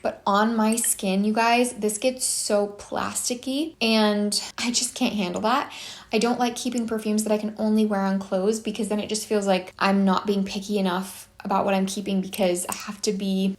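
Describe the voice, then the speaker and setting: A woman's voice: medium pitch, little pitch movement, moderate pace. Chatty breathless young woman vlogging. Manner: chatty, rambling with restarts and "like" fillers. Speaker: perfume channel host. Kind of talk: casual vlog review.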